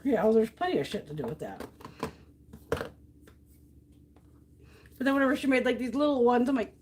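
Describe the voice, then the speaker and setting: A woman's voice: a little high, very animated, normal speed, pauses often, slight background noise. A middle-aged American woman hosting a makeup livestream, chatting casually and ranting bluntly with plenty of swearing. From United States. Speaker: beauty livestream host. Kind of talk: casual chat while depotting makeup.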